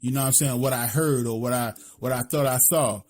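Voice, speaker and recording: A mid-range, fairly even voice comes from a Philadelphia podcast co-host who talks a little fast, with slight background noise. His casual chat is blunt and profane, full of "you know what I'm saying," in a Philly accent.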